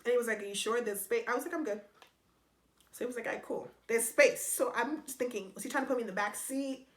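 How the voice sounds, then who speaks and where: Young female vlogger, exasperated storyteller, slightly high, echoey room recording. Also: fast. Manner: animated, exasperated storytelling, addressing viewers. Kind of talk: storytime vlog. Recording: echoey room, faint noise.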